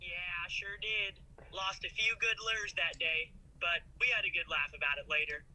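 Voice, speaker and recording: A man's voice: sits high, steady tone, normal speed, bright, forceful tone. A synthetic male AI assistant voice that answers cheerfully and agreeably, heard through a phone speaker. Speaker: AI chat assistant. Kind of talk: synthetic conversational speech. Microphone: speaker held to a phone. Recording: tinny phone line.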